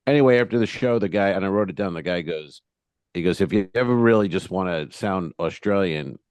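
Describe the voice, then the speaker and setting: Low-voiced man in comedy banter. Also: brisk, no echo. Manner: animated, acts out quoted voices in bits. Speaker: comedian podcast co-host. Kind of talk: casual banter.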